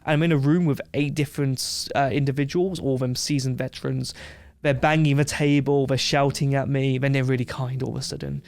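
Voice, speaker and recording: A man from England, a podcast guest telling a brash, animated story in casual chat. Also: medium pitch, a little fast, creaky, dry recording.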